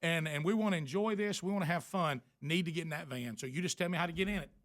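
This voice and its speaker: Animated man telling a story. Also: a little high, fast, no room sound, studio quality. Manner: animated, acts out both sides of a quarrel with many restarts. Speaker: radio show host. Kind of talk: casual storytelling on a talk show.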